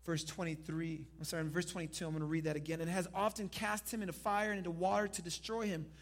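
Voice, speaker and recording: Guy preaching a sermon, high voice, goes quiet then loud, gets the church to repeat after him. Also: flat delivery, fast. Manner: dynamic preaching, swinging from hushed to loud; leads congregation in call and response. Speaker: pastor.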